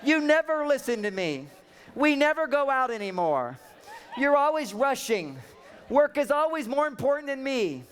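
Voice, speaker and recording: A man's voice: extremely high pitch, very animated, normal speed, pitched above the performer's own voice. A man mimicking an exasperated wife who lists complaints in a whiny, plaintive way. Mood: complaining.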